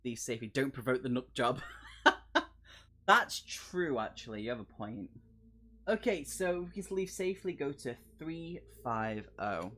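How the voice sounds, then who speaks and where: A streamer host reads a horror gamebook aloud during a live playthrough, speaking a little slowly in a medium-pitched voice with big pitch swings that sounds pushed and bright. He jokes and chats with viewers between passages.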